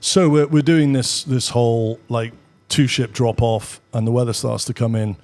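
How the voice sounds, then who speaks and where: A middle-aged man from the United Kingdom, a former military pilot, telling a story in a measured, explanatory way as a podcast guest. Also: medium pitch, fairly even intonation, darkish tone. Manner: measured, explanatory, pausing to rephrase. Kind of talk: casual conversational storytelling.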